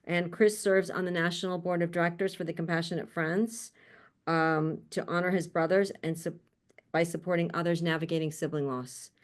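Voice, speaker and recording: A woman's voice: fairly low pitch, steady tone, moderate pace. A woman hosting an online panel on a video call, introducing guests in a chatty, friendly way with frequent laughs and asides. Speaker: panel host.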